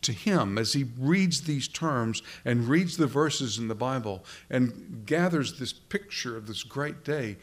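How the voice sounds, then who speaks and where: A pastor preaching a sermon in a conversational way, often restarting phrases and asking rhetorical questions. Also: male voice, medium pitch, animated, measured pace, hardly any pauses.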